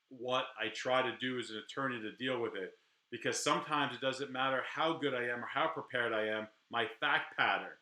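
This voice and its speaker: Candid, bright-voiced male attorney. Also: medium pitch, reverberant. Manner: candid, rambling, animated with frequent restarts. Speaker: criminal defense attorney. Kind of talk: casual talk to camera.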